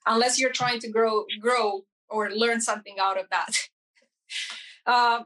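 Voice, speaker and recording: A woman hairstylist telling a personal story in an interview, earnest and halting, often restarting her sentences and acting out dialogue. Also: on the high side, low-quality recording. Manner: animated, acts out dialogue in quoted voices. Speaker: hairstylist guest.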